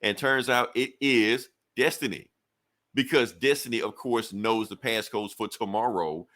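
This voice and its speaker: A man's voice: medium pitch, measured pace, pushed and bright. A man co-hosting a podcast, loosely recapping a comic book in casual, rambling talk full of fillers. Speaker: podcast co-host.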